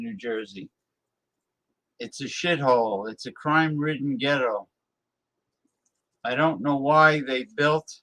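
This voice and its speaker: A man's voice: mid-range voice, fairly bright tone. A man hosting a live-stream talk show, ranting bluntly and scornfully as he reacts to his viewers' chat.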